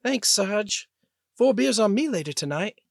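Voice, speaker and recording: A man voicing a brash young female soldier pilot, pitching his voice high and calling out urgently over the radio in an audiobook. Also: animated, unhurried, vocal fry, dry recording, clean studio sound, heavily acted. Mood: grateful.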